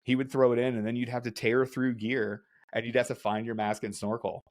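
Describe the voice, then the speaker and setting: Man telling lively stories on a podcast. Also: medium pitch, fairly quick. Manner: animated storyteller, acts out voices, laughs often. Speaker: podcast host. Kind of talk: casual storytelling chat.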